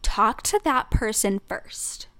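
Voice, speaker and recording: A woman's voice: fairly high pitch, slow pace, no echo. A young woman co-hosting a podcast, chatting casually and acting out the people in her story. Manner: animated storytelling, acts out quoted voices. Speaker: podcast co-host. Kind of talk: casual chat.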